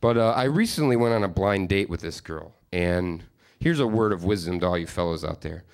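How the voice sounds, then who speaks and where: A man's voice: sits low, animated, fairly quick, creaky. A man in his thirties from upstate New York, telling rambling, profane, self-deprecating stories in a stand-up comedy set.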